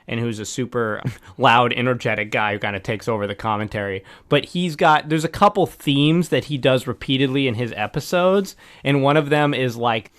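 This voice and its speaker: A man's voice: medium pitch, moderate pace, a bit bright. Man casually analyzing a cartoon episode. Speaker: podcast host. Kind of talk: casual podcast chat.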